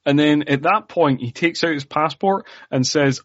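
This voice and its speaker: A Scottish man in casual podcast chat about an action film. He talks in an animated, incredulous way, with his pitch leaping up whenever something strikes him as absurd. The sound is dry and a little dull, as from a modest home mic. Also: moderate pace, no echo. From Scotland. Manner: animated, incredulous, jumps up in pitch when making a point. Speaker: podcast co-host.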